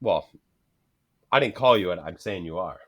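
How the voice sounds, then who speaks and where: A man's voice: sits low, moderate pace, muffled recording. Profane, laughing Canadian man. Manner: profane, laughing often, animated storytelling. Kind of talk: casual chat.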